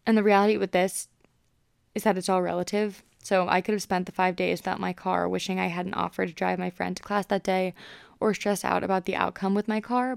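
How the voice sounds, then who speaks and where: A young woman in her twenties chats through a solo podcast episode in an easygoing, upbeat way, peppering her talk with "like." Her voice is smooth and resonant but carries a lot of vocal fry. The sound is close and dry. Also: on the low side, no echo. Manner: chatty, upbeat, many "like" fillers. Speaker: podcast host.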